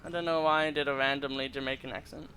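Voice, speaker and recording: A man's voice: medium pitch, steady tone, fast, pushed and bright, a little hiss or hum. A young man giving casual commentary while he plays a game, rambling and reading in-game text aloud with stumbles. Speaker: gameplay streamer.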